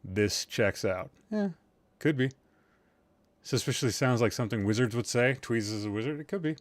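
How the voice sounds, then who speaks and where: An animated man with a mid-range voice speaks at a normal speed, with no echo in the audio. He's hosting a relaxed gaming livestream, tired and somewhat loopy, rambling along with self-mocking jokes and occasional profanity.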